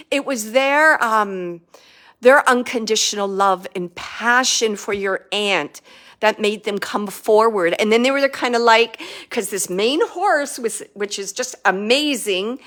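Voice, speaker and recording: Woman psychic medium, fairly high voice, halting and emotional live reading. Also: a bit bright. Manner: emotional, halting, many fillers and restarts.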